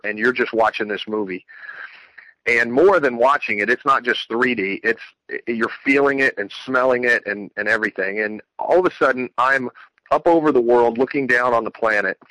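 A man recounting a personal religious testimony in an earnest, rambling way, often restarting his sentences. His voice is bright and forward, and the recording is dry and close with no room sound. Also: medium pitch, no room sound, poor audio. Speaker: Christian speaker sharing testimony.

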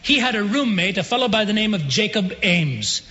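High bright preacher guy telling a story in a sermon, big dramatic pauses, long echo from a big hall, kinda muffled audio. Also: sing-song. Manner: dramatic pauses, slows down for emphasis. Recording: dull sound with long hall reverb.

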